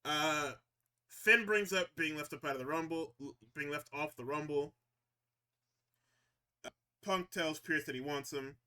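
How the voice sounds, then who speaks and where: A man on a podcast giving a casual, profane wrestling recap. He gets excitable, laughs often and acts out the wrestlers' lines. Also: a little high, unhurried, long pauses, clean tone.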